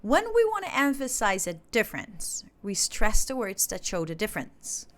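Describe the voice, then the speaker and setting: A woman's voice: medium pitch, wildly swooping pitch, moderate pace. Woman teaching an English lesson. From Indonesia. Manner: instructive, explains step by step. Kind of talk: recorded online lesson.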